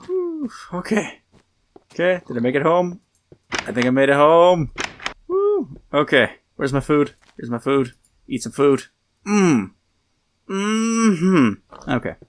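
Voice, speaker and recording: A man's voice: on the high side, huge pitch swings, slow, long pauses, a little hiss or hum. A man hosting a game livestream, chatting casually and rambling with frequent laughs and trailing asides. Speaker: livestream host playing a game. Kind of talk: casual chat while gaming.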